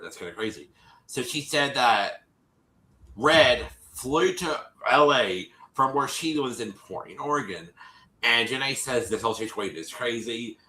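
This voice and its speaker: A man's voice: mid-range voice, expressive, measured pace, bright, forceful tone, reverberant, poor audio. A man co-hosting a casual livestream, retelling a TV episode in a rambling way and acting out the quotes. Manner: rambling, restarts often, acts out quotes. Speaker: co-host recapping a TV episode.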